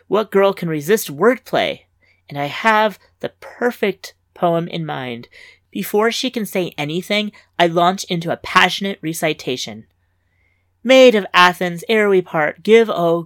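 Woman, story narrator, wry and lively, somewhat low voice, dry studio sound. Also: no echo. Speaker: story reader and host. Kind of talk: scripted fiction narration.

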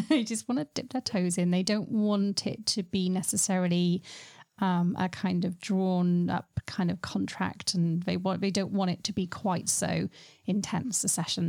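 A woman's voice: medium pitch, vocal fry, a little mellow, no echo, studio quality. A woman hosting a podcast, asking questions in a hesitant, casual way full of ums and you-knows. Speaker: podcast host.

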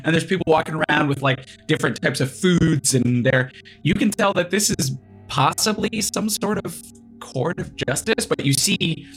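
A man's voice: on the high side, moderate pace, a bit bright, soft background music. A man running a tabletop game, describing the scene in a loose, rambling way with many fillers. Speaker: game master.

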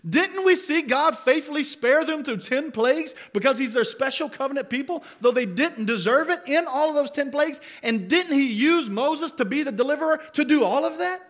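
With an extremely high-pitched, expressive, slightly bright voice, a man preaches an expository sermon as pastor. He speaks at normal speed with hardly any pauses, conversational in tone and building to emphatic rhetorical questions.

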